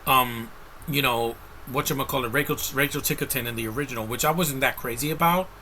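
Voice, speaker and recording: A man's voice: medium pitch, brisk, sharp tone, a little hiss or hum, low-quality recording. A man giving a casual, rambling movie review rant, blunt and exasperated, with frequent restarts.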